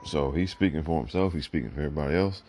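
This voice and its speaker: Man, podcast host, extremely deep voice, blunt and emphatic, hiccuping. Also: racing, darkish tone, a little hiss or hum. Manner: blunt, emphatic, repeats "look". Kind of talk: opinionated solo commentary.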